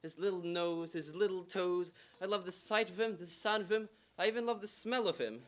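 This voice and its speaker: A man's voice: high-pitched, a little fast, fairly bright tone. A young man acting a doting new father in a stage radio play, earnest and sentimental. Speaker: actor in a youth theatre radio play.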